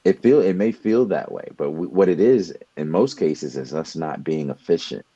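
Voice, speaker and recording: A young man talks in an earnest, motivational way, often doubling back on his words as he builds toward a point. His voice sits very low and mellow. The recording is dry and a little dull, with no room sound. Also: normal speed, husky, dry recording. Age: young adult. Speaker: podcast co-host. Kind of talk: motivational talk.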